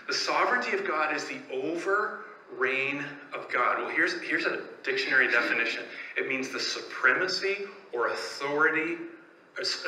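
Speaking with a bright, forceful, mid-range voice, a man from Canada delivers a sermon as pastor, conversationally mixing stories with rhetorical questions. The setting is an echoey church sanctuary with faint ambience and slight background noise.

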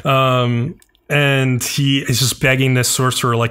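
A man's voice: mid-range voice, little pitch movement, a little slow, fairly bright tone, clean tone. Guy on a podcast rambling thru an anime recap, lots of likes, normal mid voice. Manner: loose, filler-heavy storytelling with many "like"s. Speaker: podcast co-host. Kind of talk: casual chat, recapping an anime episode.

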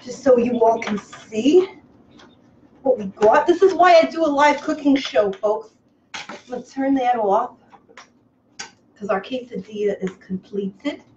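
A woman hosting a comic live cooking show from a kitchen, over-the-top excitable, breaking into squeals and gushing. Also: fairly high pitch, unhurried, pauses often. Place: home kitchen. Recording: echoey kitchen, slightly dull, faint hiss.

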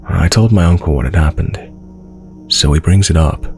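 Man, very low voice, gravelly texture, measured scripted horror narration, faint music underneath. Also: a little mellow. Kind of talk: scripted first-person narration.

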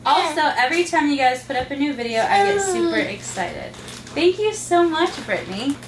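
High, lively mom gushing in sing-song. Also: female voice, normal speed, background noise. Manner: gushing, sing-song baby talk to her toddlers. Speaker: mother and channel host. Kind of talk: casual unboxing vlog talk. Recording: echoey room, mic far off, faint ambience.

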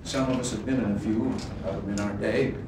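A man's voice: lowish voice, steady tone, brisk. An older man giving a formal ceremonial speech as president, telling wry folksy anecdotes. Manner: folksy storyteller, wry joke delivery. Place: large ceremonial room. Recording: echoey hall from far off, noisy archive recording.

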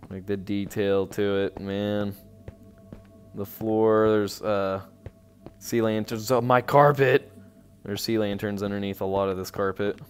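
A man giving casual, rambling commentary on a tour of his game village, easily excited and breaking into sudden outbursts. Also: fairly low pitch, measured pace, faint music behind.

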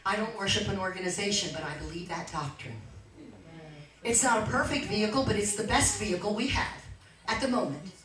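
A middle-aged woman preaching a fervent sermon, moving from quiet storytelling to shouted exhortation. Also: medium pitch, fairly quick. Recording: echoey church from far off.

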